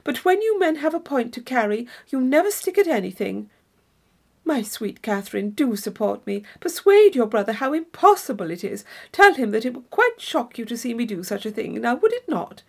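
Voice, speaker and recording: A woman's voice: fairly high pitch, very animated, normal speed. Isabella, a woman voicing a gushing young lady. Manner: effusive, theatrical exclamations.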